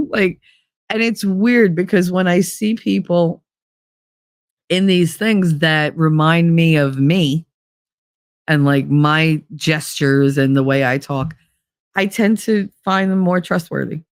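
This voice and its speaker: A woman with a New Jersey accent hosting a live stream, chatting casually and reading viewer comments in a very animated, emphatic way with lots of inflection. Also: lowish voice, no room sound, clean studio sound. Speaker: livestream host.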